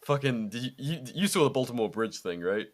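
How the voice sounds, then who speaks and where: A man's voice: medium pitch, very animated, fairly quick. A young man co-hosting a podcast in casual chat, laid-back, swearing often, with lots of fillers and laughs. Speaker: podcast co-host.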